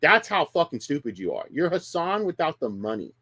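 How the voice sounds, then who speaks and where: A man's voice: on the high side, sing-song, fairly quick, bright, forceful tone, slightly rough, dry recording. A man streaming heated casual talk, combative and profane, ranting at rivals on a close, dry mic.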